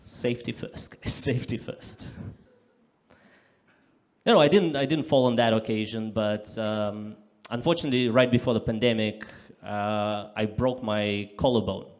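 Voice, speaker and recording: A man performing live stand-up comedy on a club stage, delivering deadpan punchlines and bursting into loud acted-out voices. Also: fairly low pitch, normal speed, few pauses.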